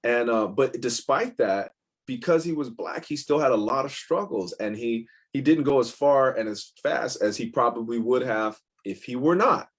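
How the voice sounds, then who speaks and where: A man with a middle-pitched voice tells personal stories as an interview guest. He speaks candidly and rambles, circling back with restarts before landing his points. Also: animated, normal speed, husky. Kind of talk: casual interview storytelling.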